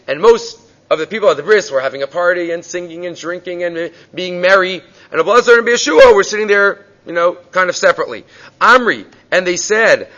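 A man teaching a Gemara class, telling the stories with animated voices for the people in them. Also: sits high, fast. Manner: animated storytelling, acting out voices in quotes. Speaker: Talmud teacher. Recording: dull lo-fi recording.

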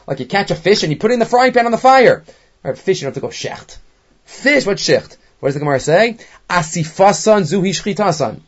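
A man teaching a Talmud class, animated, with many rhetorical questions. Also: fairly high pitch. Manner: animated, mixes Hebrew and Aramaic terms, rhetorical questions. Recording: dull lo-fi recording.

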